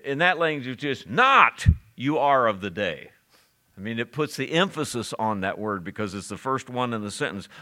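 A middle-aged man preaching from the pulpit, working through scripture verse by verse and telling stories along the way. His voice is bright and forward, and his delivery is loose, full of "uh"s and restarted phrases. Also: on the low side. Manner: expository preaching with anecdotes, frequent "uh" and restarts. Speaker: pastor. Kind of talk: sermon.

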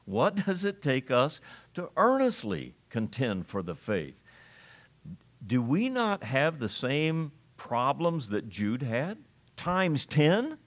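A man preaching an expository sermon at an ordinary middle pitch. He talks emphatically and slows down hard on the words he wants to land. When he reads scripture, he uses its old-fashioned wording. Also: wildly swooping pitch. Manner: emphatic, slows down to stress key phrases.

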